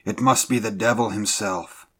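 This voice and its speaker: A man's voice: on the low side, fairly even intonation, moderate pace, pushed and bright, husky, voice pushed up. A man doing a grumbling lookout sailor. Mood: uneasy.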